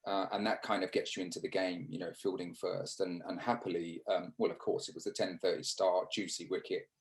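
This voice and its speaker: An English man in his fifties, a former cricketer, telling stories in a casual interview over a video call, halting with restarts and fillers. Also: deep voice, steady tone, poor audio. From England.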